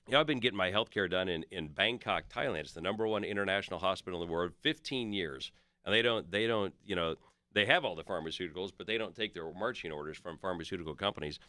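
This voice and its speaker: A man in his fifties talks casually as a podcast guest, his low voice bright and forceful. He tells stories at length and quotes other people in his own voice. The sound is dry and close. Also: quick pace, dry recording. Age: 50s. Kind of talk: casual chat.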